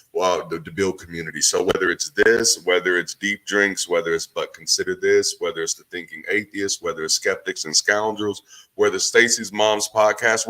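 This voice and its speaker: Low, bright-toned male host, enthusiastic and warm-hearted in chat. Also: poor audio. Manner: enthusiastic, laughs often. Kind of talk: live group discussion.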